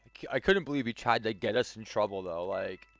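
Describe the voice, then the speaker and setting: A man's voice: fairly low pitch, a little fast, creaky. A man streaming a game, telling a story casually, rambling with lots of "like" fillers and chuckles. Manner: rambling, full of "like" fillers and restarts.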